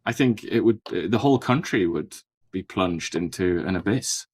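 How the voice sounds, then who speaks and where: Male co-host, deep voice, measured sardonic commentary. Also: lively intonation, darkish tone, husky. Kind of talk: political commentary talk show.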